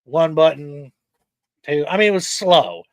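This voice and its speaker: His voice is on the high side and his delivery a little slow as this podcast host tells a lively, expletive-heavy story. The chat is casual, and no room sound can be heard.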